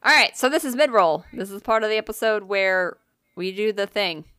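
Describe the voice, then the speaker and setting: A woman co-hosting a casual podcast, excitedly retelling a ghost-hunting episode with lots of fillers and swearing. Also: medium pitch, normal speed, clean tone. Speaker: podcast co-host. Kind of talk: casual podcast chat, storytelling.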